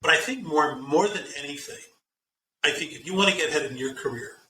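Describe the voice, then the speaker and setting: A fast-talking man tells stories in an animated way, voicing the people in his anecdotes and often repeating words as he starts a thought. His voice is bright and forceful. He sounds a little far from the mic in a roomy space with a faint hum behind him. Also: fairly high pitch. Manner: animated storyteller, acts out quoted dialogue, repeats words when starting. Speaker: guest, CEO and author. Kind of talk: interview.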